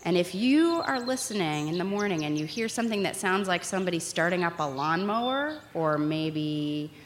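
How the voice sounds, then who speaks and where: A woman's voice: on the low side, normal speed. A woman from Vermont hosting a live stage show, playfully leading the audience. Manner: lively, playful, leads audience. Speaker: host. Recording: hall reverb, faint noise.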